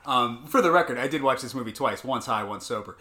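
Bright-voiced man arguing playfully. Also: mid-range voice, expressive, fast. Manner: playful, argumentative, laughs often. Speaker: podcast co-host. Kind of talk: casual movie-ranking banter.

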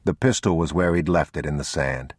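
Male audiobook narrator with a very low, husky voice and dry close sound, measured and somber. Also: no echo. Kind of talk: scripted narration.

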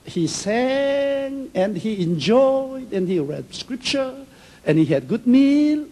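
A man's voice: extremely high pitch, sing-song, slow pace, mellow, rough recording. A man preaching a sermon, telling stories emphatically in simple, non-native English phrasing. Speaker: pastor.

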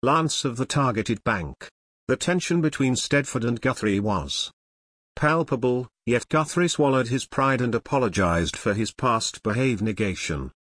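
A man reading scripted true-crime narration in a measured, expressive storytelling manner. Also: medium pitch, breathy edge, no echo.

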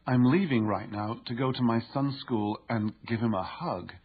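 A man's voice: mid-range voice, normal speed, husky, narrow, tinny audio. A man voicing a big, tough father who is emotional and choking up while he speaks earnestly. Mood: choked up. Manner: choked up, earnest.

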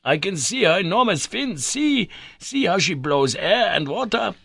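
A man's voice: sits high, sing-song, unhurried, creaky, fairly bright tone, slightly rough, no room sound, clean studio sound, pitched above the performer's own voice, exaggerated voice. A man reading aloud and voicing an agitated elderly professor who cries out in alarm. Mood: excited. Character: excitable old male professor, agitated.

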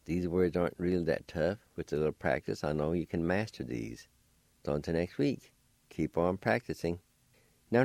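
A middle-aged radio host from Oklahoma teaches vocabulary, slowly and deliberately spelling each word letter by letter and sounding it out syllable by syllable. His voice is very low and mellow, and the studio sound is close and dry with no echo.

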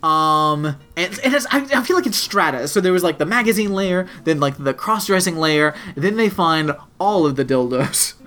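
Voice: medium pitch, expressive, normal speed, hardly any pauses, a bit bright. A podcast co-host in casual chat, retelling a TV episode in a rambling, profane way with lots of "like". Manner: rambling and profane, heavy use of "like".

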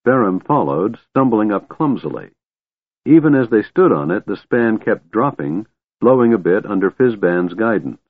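Male audiobook narrator, low voice, steady and measured, thin phone-like audio. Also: husky, no echo. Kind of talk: scripted fantasy narration. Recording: tinny phone-like, dry.

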